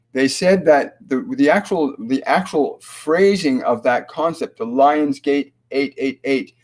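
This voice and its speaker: A man hosting a live-stream spiritual Q&A as a medium, speaking slowly and in a measured way, often halting with fillers and restarts. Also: mid-range voice, a little mellow. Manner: slow, measured delivery when relaying messages.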